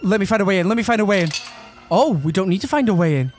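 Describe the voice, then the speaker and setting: A woman's voice: medium pitch, expressive, very fast, a little mellow, faint music behind. A woman doing playful gameplay commentary, joking and cooing at a game character. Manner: joking, affectionate, exclaiming. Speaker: gaming YouTuber.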